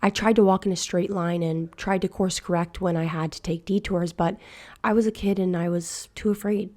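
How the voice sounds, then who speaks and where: A woman narrating a scary internet story in a hushed, slow, measured way. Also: on the low side, steady tone. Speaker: narrator reading a horror story. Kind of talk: scripted horror narration.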